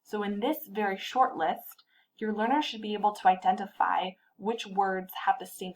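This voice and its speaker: A woman who trains literacy tutors, explaining pronunciation clearly and patiently and slowly modeling words for stress. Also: mid-range voice, steady tone, low-quality recording. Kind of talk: instructional tutoring tip.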